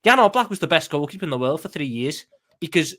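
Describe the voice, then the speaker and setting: A man's voice: fairly high pitch, big pitch swings, fast, fairly bright tone. A man giving an emphatic post-match reaction as a football fan pundit, often stumbling and restarting his sentences.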